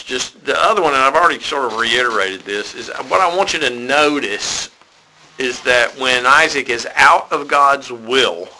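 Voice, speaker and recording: A man teaching an informal Bible study in a conversational, unscripted way. His voice has a gravelly texture with a bright, forward tone. He gets animated when he drives a point home. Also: mid-range voice, low-quality recording.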